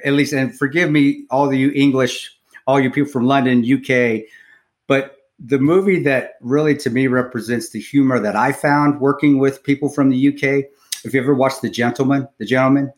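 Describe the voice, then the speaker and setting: A man's voice: mid-range voice, fairly even intonation, normal speed. An American man hosting a podcast who tells a story with energy, swears freely and often restarts his sentences. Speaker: podcast host.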